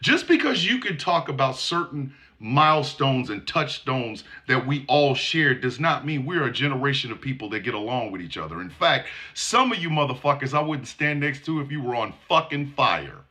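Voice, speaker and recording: A man in his forties or fifties delivers a blunt, profane monologue in a sarcastic tone. His voice is bright and forceful, with wide swings in pitch. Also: very animated, normal speed, hardly any pauses. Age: 40s to 50s. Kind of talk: commentary monologue.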